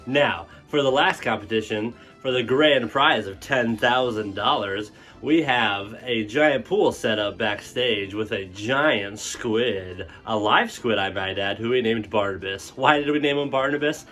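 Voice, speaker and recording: A man plays a smug game show host with a showman's patter. He mocks his contestants in an even, mid-pitched voice. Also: a little slow, faint music behind, lightly acted. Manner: showman announcer, mocking.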